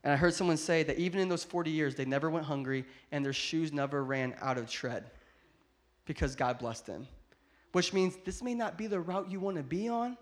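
A man preaching a sermon, building to loud emphatic peaks and acting out Bible dialogue. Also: on the high side, a little fast. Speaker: pastor.

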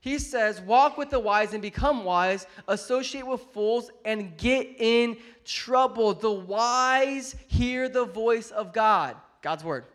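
A man with a notably high voice preaching to a congregation. He moves from a relaxed family story into a loud, driving finish, pressing his points hard and repeating them. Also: slow, few pauses. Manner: storytelling, builds to loud shouting climax. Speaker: pastor. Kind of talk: sermon.

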